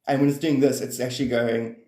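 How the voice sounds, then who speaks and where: A man's voice: medium pitch, flat delivery, fast, mellow, reverberant. A man rambling through casual livestream chat about spirituality, swearing freely and laughing often.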